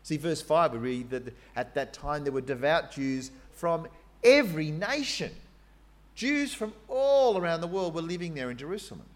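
Man, preacher, conversational sermon, lively pitch, asides. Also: normal speed. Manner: animated, conversational, with fillers and asides.

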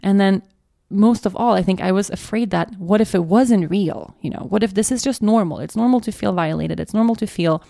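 A young adult woman hosting a podcast, telling a personal story in a halting way, often restarting and repeating herself. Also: mid-range voice, creaky, dark tone, no echo, clean studio sound. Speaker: podcast host.

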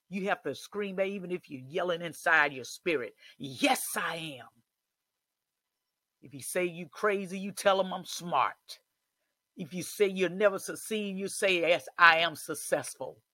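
A man preaching a sermon, building from quiet reflection to shouted declarations. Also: fairly high pitch, dry recording.

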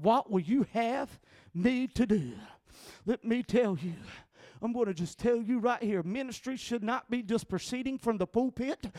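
Southern preacher guy, really high voice, dry close sound, keeps asking amen and building up to shouts. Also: no echo. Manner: emphatic, calls for amens, rising to shouts. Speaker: pastor. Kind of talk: sermon.

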